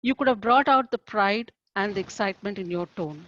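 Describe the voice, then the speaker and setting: A woman's voice: medium pitch, a bit bright, no room sound. Lady evaluating a speech, encouraging and formal, dull lo-fi call sound, dry. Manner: measured, formal and encouraging feedback.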